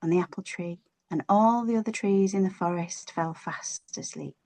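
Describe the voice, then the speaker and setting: A woman storyteller telling a children's story to an audience, expressive and playful, stretching out words. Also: fairly low pitch, normal speed.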